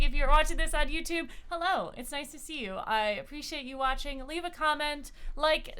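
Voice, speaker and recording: A woman's voice: high-pitched, bright, forceful tone. A woman hosting a live-streamed tabletop game as dungeon master, giggly and rambling, often stopping mid-sentence. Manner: giggly, rambling, self-interrupting.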